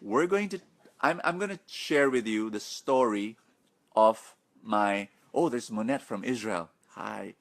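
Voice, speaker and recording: Excitable preacher man, live webinar. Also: lowish voice, unhurried. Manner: excitable, greets viewers by name, chatty asides. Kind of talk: live-streamed webinar talk.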